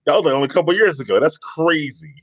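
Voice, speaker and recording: A man's voice: a little high, fast talker. A man co-hosting a podcast in casual chat, agreeable and laughing often. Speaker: podcast co-host.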